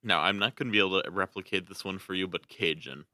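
A man with a very low voice and a strikingly bright, forceful tone, chatting casually as a podcast co-host. He is playful, laughs often and trips over his words now and then. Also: quick pace. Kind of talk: casual chat.

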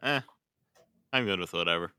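A man's voice: low-pitched, lively intonation, normal speed, sharp tone. A man with a Midwestern American accent, chatting on a podcast with teasing, joking banter. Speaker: podcast co-host. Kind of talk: casual chat.

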